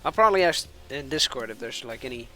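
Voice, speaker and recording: A man's voice: medium pitch, animated, fast talker, bright, forceful tone, faint music behind. A man from Finland, a native Finnish speaker with American-sounding English, rambling in casual stream chatter as an esports caster between matches and laughing at himself.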